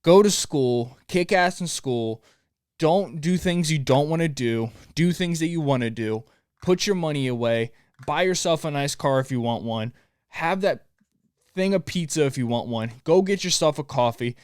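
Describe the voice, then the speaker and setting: A man's voice: a little high, animated, moderate pace, darkish tone, smooth, no room sound, clean studio sound. Pumped-up young man ranting on his podcast. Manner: profane, pumped-up motivational rant. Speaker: podcast host. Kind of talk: solo podcast monologue. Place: home room, dog barking nearby.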